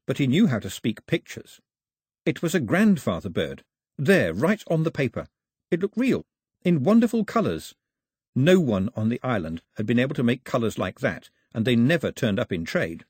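A man reading a storybook aloud in an expressive, varied narration. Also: medium pitch, slightly rough, dry recording, clean studio sound.

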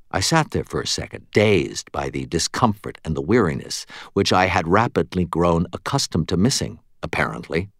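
Expressive low-voiced male narrator. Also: dry recording, studio quality. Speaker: audiobook narrator. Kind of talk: first-person audiobook narration.

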